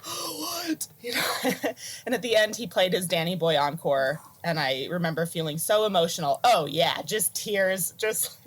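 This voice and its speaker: An American woman telling stories in a casual, animated way and laughing often, heard over a video call. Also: lowish voice. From United States. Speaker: interview guest, flutist. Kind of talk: casual conversational storytelling.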